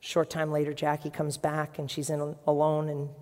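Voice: mid-range voice, monotone, moderate pace. Pastor preaching in an echoing hall. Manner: dramatic, acts out voices in quotes, swings from hushed to loud; conversational storytelling with restarts. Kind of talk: sermon. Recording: long reverb of a large hall.

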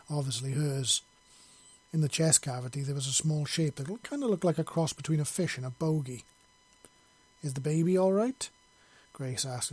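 A man narrating a story in a steady, plain reading voice. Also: mid-range voice, slightly rough.

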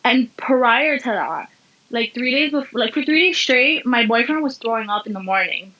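A woman's voice: on the high side, expressive, moderate pace, bright, forceful tone, dull audio. A young woman casually telling a personal story, candid and swearing freely. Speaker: podcast guest.

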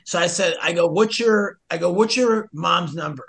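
A man's voice: high voice, moderate pace. A man telling a story in a casual podcast chat, acting out both sides of the dialogue with sudden rises in voice. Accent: American. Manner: animated, acts out the dialogue in a raised voice, swears mildly. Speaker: podcast guest, hiker and rescuer.

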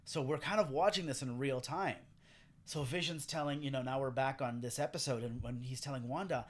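A man's voice: medium pitch, a little fast. A man co-hosting a casual podcast chat, talking animatedly, swearing freely and acting out quotes. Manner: animated, profane, acts out quotes. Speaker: podcast co-host. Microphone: headphones and studio mic.

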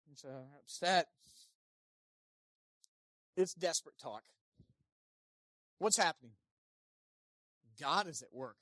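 Animated bright-voiced pastor preaching a sermon. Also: mid-range voice, measured pace, pauses often, no room sound, clean studio sound. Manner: animated, swings between loud emphasis and quiet asides; acts out quoted speakers in playful voices.

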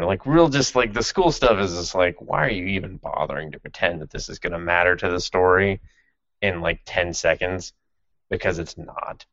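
Man, deep low voice, podcast host, sardonic, profane, casual chat, dry close sound, dull lo-fi audio. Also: moderate pace, fairly bright tone, no echo. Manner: sardonic and profane, with frequent laughs. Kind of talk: casual chat recapping an anime.

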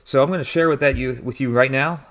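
A man's voice: medium pitch, fast talker. A man hosting a podcast, introducing and commenting on a clip in a casual, hesitant way. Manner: hesitant, many fillers and restarts. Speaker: podcast host.

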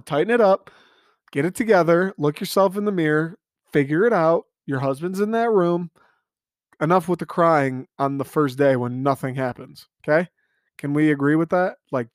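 A man's voice: mid-range voice, no room sound, clean studio sound. A man hosting a casual solo podcast, ranting in a profane, exasperated way from his family room at home. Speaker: podcast host.

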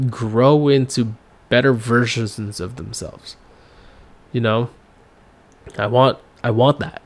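Slow gravelly man rambling on a podcast. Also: mid-range voice. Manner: rambling, frequent fillers and swearing. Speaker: podcast host. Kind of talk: casual solo podcast monologue.

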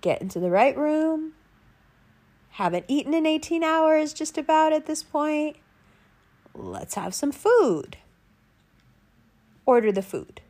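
Animated woman telling a travel story. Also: high voice, slow, pauses often. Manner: animated, swearing, acts out quoted lines. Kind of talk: casual storytelling monologue.

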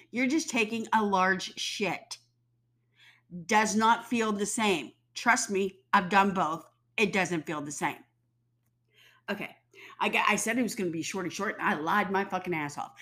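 A woman's voice: medium pitch, fairly bright tone. Woman in her fifties, stuffy and sore-throated, blunt, profane to-camera ranter. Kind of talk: casual rant to camera.

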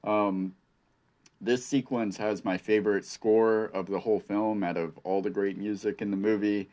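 A man co-hosting a podcast, walking through his favorite scenes of a film in a relaxed way. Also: fairly low pitch, normal speed. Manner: relaxed, listing favorite scenes with a few fillers. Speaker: podcast co-host. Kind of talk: casual film discussion.

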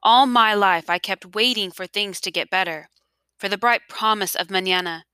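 A woman voicing an elderly grandfather, earnest and pleading about the past, then quietly resolute, in a storybook reading. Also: mid-range voice, moderate pace, clear, resonant tone, no room sound, close to an everyday voice. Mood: calm. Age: over 60. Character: remorseful elderly grandfather, former official, now resolved.

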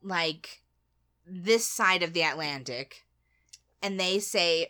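Bright-voiced chatty woman. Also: low-pitched, slow. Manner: curious, laughs often, asks questions. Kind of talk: casual chat.

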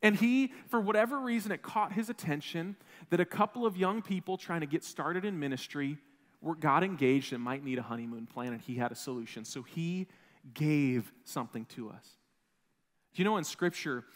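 A Wisconsin pastor in his thirties, with a voice on the high side and a moderate pace, tells a personal story during a sermon in a church sanctuary. He's animated and self-deprecating, restarting often, and the recording carries the long reverb of a church hall.

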